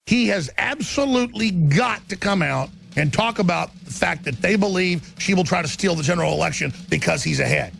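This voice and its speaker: A man's voice: high voice, creaky. A middle-aged man hosting a talk show, ranting in heated political commentary with intense repetition.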